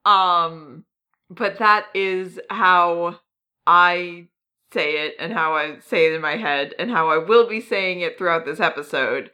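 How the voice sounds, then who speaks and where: Speaking slowly in a bright, forceful tone, this podcast co-host has a fairly low voice. Her casual conversation is halting, packed with ums and little jokes at her own expense.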